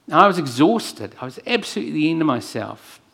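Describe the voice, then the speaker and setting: A man preaching a sermon and telling a personal story, earnest, moving between hushed lines and emphatic ones. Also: on the high side, sing-song, quick pace, creaky. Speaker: pastor.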